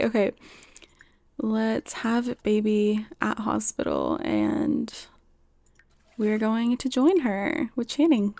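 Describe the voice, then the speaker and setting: A woman giving chatty, excitable commentary over a life-simulation game as she plays, often gasping and laughing. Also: a little high, gravelly, no room sound. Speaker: game streamer. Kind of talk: casual gameplay commentary.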